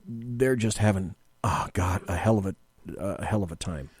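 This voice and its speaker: A man with a lowish voice hosts late-night talk radio, rambling through topics with jokes at his own expense. The sound is dry and close to the mic. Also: normal speed, a little mellow, breathy edge, dry recording. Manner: joking, rambling, self-deprecating. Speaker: radio talk show host. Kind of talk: casual talk radio banter.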